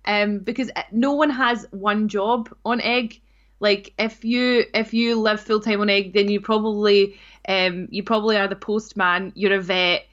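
A Scottish woman chats casually as a podcast co-host, tossing in playful asides and giggles. Her voice sits at a middling pitch, and the recording sounds a little dull and lo-fi. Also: steady tone, a little slow, fairly bright tone. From Scotland. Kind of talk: casual chat.

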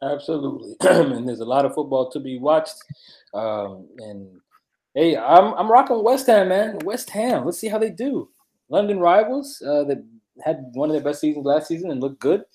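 A man co-hosting a sports podcast in casual chat, laid-back and quick to laugh, with many filler words. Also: on the high side, lively intonation, darkish tone. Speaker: podcast co-host.

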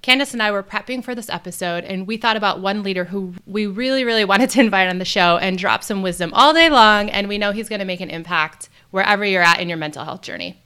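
A woman's voice: medium pitch, quick pace, hardly any pauses, bright, forceful tone, clean tone. A woman with a New York accent co-hosting a podcast in an upbeat, playful way and running the segments. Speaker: podcast co-host.

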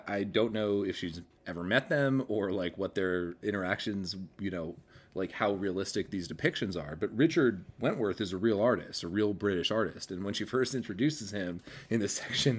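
A man's voice: on the low side, husky. A man talking through ideas about a novel on a video call, rambling with many fillers and restarts. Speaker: book club member. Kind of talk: casual video-call discussion.

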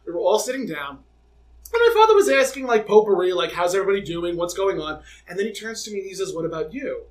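A young adult man co-hosting a podcast, telling a personal story in a dramatic, animated way in casual chat. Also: high-pitched, quick pace, rough recording. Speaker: podcast co-host.

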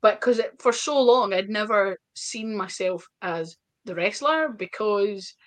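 Scottish woman, interview guest: chatty storyteller, quick asides. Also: medium pitch. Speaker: wrestler guest.

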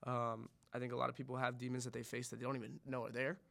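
A man's voice: medium pitch, level tone, fast talker, creaky, fairly bright tone. A man who is a podcast guest, talking earnestly and rambling with many restarts and curses. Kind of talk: casual podcast chat.

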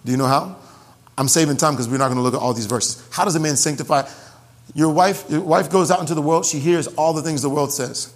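A man preaching a sermon to his congregation in an animated way, joking and repeating phrases for emphasis. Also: fairly high pitch, quick pace. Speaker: pastor. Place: church sanctuary. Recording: long hall reverb.

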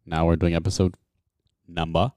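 A man's voice: low-pitched, little pitch movement, normal speed, a little mellow, dry recording, clean studio sound. A young man co-hosting a casual podcast, teasing his friend and laughing a lot. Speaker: podcast co-host. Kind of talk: casual chat.

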